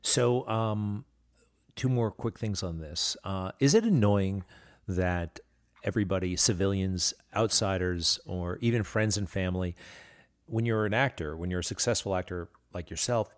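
A man's voice: deep voice, normal speed. A man hosting an interview, rambling and searching for words as he asks a question. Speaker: interview host. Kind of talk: interview conversation.

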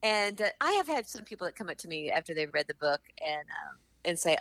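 A middle-aged woman, an actress and author, telling animated stories in an interview and acting out the people she quotes. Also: low-pitched, fast, vocal fry, dry recording. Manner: animated storyteller, acts out quotes. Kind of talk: interview conversation.

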